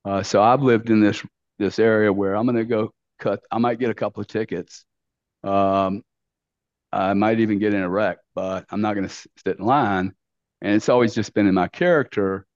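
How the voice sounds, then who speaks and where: A man's voice: fairly low pitch, darkish tone, dry recording. A middle-aged man, telling stories as a podcast guest in a brash, blunt way, full of slang and swearing. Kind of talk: casual storytelling interview. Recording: dull dry lo-fi sound.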